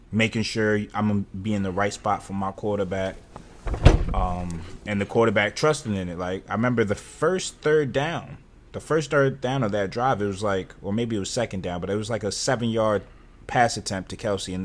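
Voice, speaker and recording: A man co-hosting a casual sports podcast, talking through plays in a relaxed, easygoing way. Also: fairly low pitch, moderate pace, slight background noise. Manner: relaxed, laid-back analysis with fillers. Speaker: podcast co-host.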